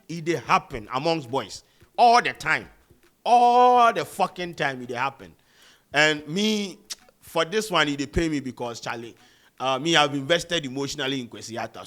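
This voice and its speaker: Man, Ghanaian accent, young adult, casual vlog commentary, animated, pidgin-inflected. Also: mid-range voice. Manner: animated, mixing pidgin and slang. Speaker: vlogger.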